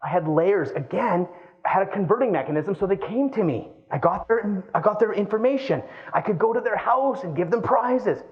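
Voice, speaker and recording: A man in his thirties giving a live keynote talk, lively and playful, acting out quoted voices as he goes. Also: sits high, moderate pace, lo-fi sound. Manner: animated, acts out quoted voices. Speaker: keynote speaker.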